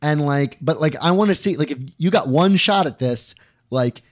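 A man's voice: on the high side, expressive, moderate pace. A man co-hosting a comics review podcast, talking casually and rambling with lots of filler words. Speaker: podcast co-host. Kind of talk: casual chat.

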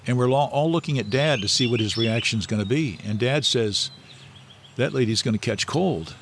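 A man's voice: medium pitch, moderate pace, noisy background. A middle-aged man, a guest in an interview, telling stories in a rambling, anecdotal way with many fillers and restarts. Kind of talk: casual storytelling interview.

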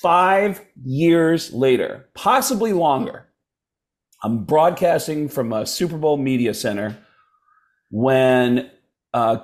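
Male comedian guest with an everyday middle pitch, casual storyteller who keeps doing impressions. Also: takes it slowly. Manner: animated, slips into impressions of others.

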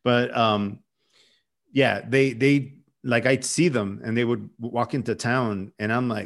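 A man's voice: medium pitch, fairly even intonation, measured pace. A man hosting a podcast, telling stories in a rambling, chatty way with lots of restarts. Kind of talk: casual chat.

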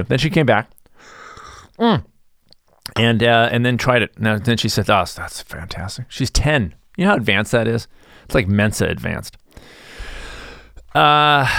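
A man's voice: medium pitch, a bit bright, no echo, clean studio sound. A middle-aged man hosting his own podcast, talking in a rambling, jokey way with mock-defensive asides. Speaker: podcast host. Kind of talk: casual solo podcast monologue.

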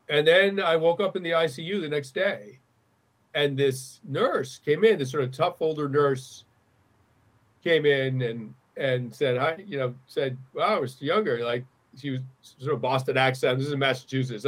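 Husky-voiced man telling an earnest story. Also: mid-range voice, unhurried. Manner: earnest, restarts often when moved. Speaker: guest. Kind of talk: conversational storytelling.

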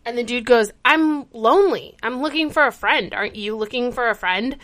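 A woman co-hosting a casual chat, retelling a TV episode with lively storytelling and acted-out quotes. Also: a little high, moderate pace. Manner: animated storytelling, acts out character quotes. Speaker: podcast co-host.

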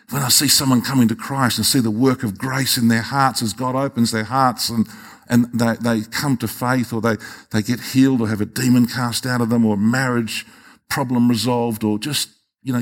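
An older man preaches to his congregation with a husky, slightly breathy voice. He is fervent and stumbles over his words, then climbs high and loud to drive a point home. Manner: impassioned, often rising sharply in pitch, with repeated restarts. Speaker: pastor. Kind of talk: sermon.

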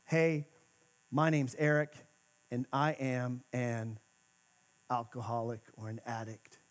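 A male pastor giving a sermon in a church, talking conversationally and moving between emphatic and hushed moments. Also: medium pitch, little pitch movement, takes it slowly. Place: church sanctuary.

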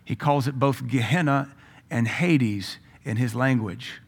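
A middle-aged man preaching a sermon through a story, his voice gravelly and full of fry. He tells it with animation and now and then acts out the people he quotes. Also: mid-range voice, a little slow.

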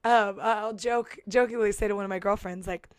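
A woman's voice: medium pitch, steady tone, moderate pace, clear, resonant tone, dry recording, studio quality. A woman musician chatting casually, talking through her thoughts with many fillers and restarts. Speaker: musician and podcast guest. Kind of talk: casual chat. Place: San Diego.

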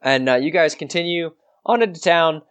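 A man's voice: fairly high pitch, normal speed, fairly bright tone, clear, resonant tone. A man narrating a tabletop game as game master, rambling and hesitant with many restarts.

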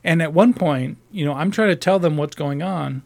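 Man, somewhat higher voice, casual profane storyteller; rambling, restarts often, animated. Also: moderate pace, vocal fry. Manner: animated, mimics other voices while retelling. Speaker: call center customer service agent.

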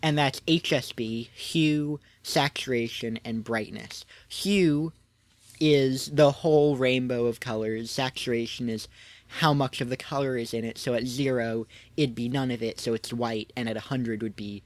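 A man co-hosts a casual podcast, walking through an explanation with hesitant restarts. His voice sits in a middle pitch. The sound is dry and close. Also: fairly even intonation, unhurried, no room sound. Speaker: podcast co-host.

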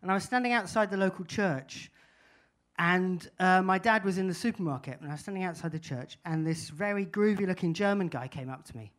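A man's voice: sits high, a little fast, fairly bright tone. Wry man telling a story. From England. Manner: wry, anecdotal, musing. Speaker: speaker. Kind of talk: storytelling talk.

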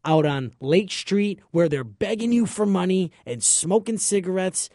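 A man's voice: high-pitched, a little slow, mellow, no room sound, studio quality. A man chatting casually, telling a long story with jokes and cleaned-up slang. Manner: chatty, joking, self-censoring slang.

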